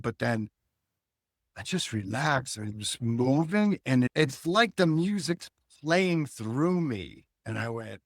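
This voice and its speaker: An older man and guest cartoonist, talking in a reflective, philosophical way and telling animated stories in a relaxed interview. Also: on the high side, moderate pace, dry recording, studio quality. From Hull, Massachusetts.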